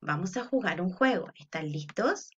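A woman teacher giving a playful online lesson to young children, slow and animated, imitating animal sounds. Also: fairly low pitch, breathy edge, lo-fi sound.

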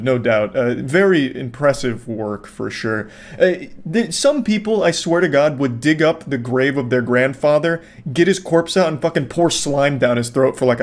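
A man hosting a commentary video, speaking in a deadpan, mocking way and swearing freely. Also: mid-range voice. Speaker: commentary host.

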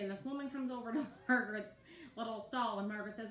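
A woman's voice: a little high, very fast. A woman giving a casual, conversational sermon, often checking in with her listeners as she talks. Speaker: ministry teacher. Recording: echoey room with faint ambience.

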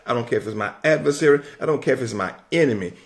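Emphatic male preacher, middle pitch. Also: expressive. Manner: emphatic, repetitive preaching cadence with drawn-out declarations. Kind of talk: sermon.

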